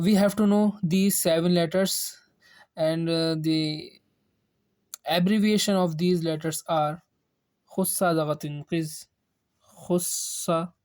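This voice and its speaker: Slow, halting woman teaching Arabic letters. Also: on the low side, darkish tone. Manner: slow, halting, with frequent "uh" and repeated terms. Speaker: Quran reading teacher. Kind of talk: recorded lesson explaining Arabic letters.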